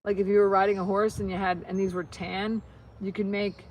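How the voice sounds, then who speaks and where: A woman's voice: medium pitch, level tone, fairly quick, darkish tone. Rambling chatty woman vlogger. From United States. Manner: rambling, chatty, many restarts. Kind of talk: casual crafting chat to viewers.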